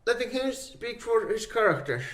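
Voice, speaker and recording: A man's voice: very high voice, sing-song, moderate pace, a bit bright. A man hosting a casual group voice call, moderating the others and keeping them in line with polite firmness. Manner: moderating, interrupting, politely firm. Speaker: host of a group voice call about his series.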